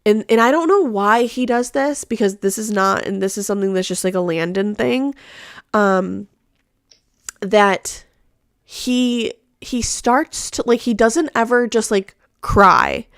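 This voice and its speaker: A woman's voice: medium pitch, unhurried, clear, resonant tone, no echo. Chatty woman, dry close voice. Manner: rambling, heavy on fillers and restarts. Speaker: host; mother. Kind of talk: casual live chat.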